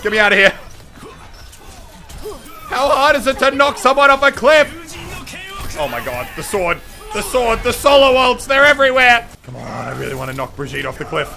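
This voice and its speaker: A young man calls out his game in excitable, swearing commentary, now and then shouting at the screen. His voice sits high and swings widely. Faint game music plays under him. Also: moderate pace, gravelly, pauses often. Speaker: gaming channel host. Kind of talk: live gameplay commentary.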